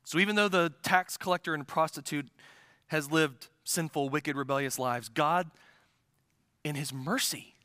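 A male pastor preaching with a high, bright, forceful voice. He talks earnestly and with emphasis, stumbling and restarting as he drives a point home. The sound is close and dry. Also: moderate pace, dry recording. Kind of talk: sermon.

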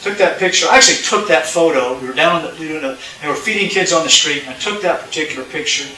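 A preacher tells a story in his sermon, acting out its voices and calling out to the congregation. His voice is bright and forceful, a touch high for a man. It rings through a roomy church, picked up from a distance. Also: fast. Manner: animated, acts out dialogue, addresses congregation. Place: church sanctuary. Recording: roomy sound from a distant mic.

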